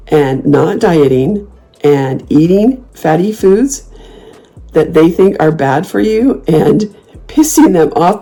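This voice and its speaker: A woman's voice: low-pitched, dark tone. A woman in her fifties talking casually and bluntly, sassy and snarky, swearing freely and slipping into mocking voices when she quotes her comebacks. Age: 50s. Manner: playful mocking put-on voices when quoting herself. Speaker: host. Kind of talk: casual talk to camera.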